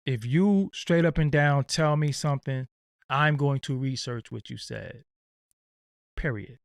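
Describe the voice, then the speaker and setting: A man's voice: mid-range voice, a little slow, creaky, dry recording. A man hosting his own livestream, ranting bluntly and casually with profanity and lots of fillers. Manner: blunt, profane, streetwise, rambling. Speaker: channel host.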